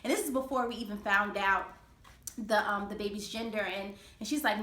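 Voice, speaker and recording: A woman's voice: mid-range voice, fairly quick, pushed and bright, reverberant. A young woman telling a personal story to her viewers in a vlog, earnest and faithful, with many fillers. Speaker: vlogger.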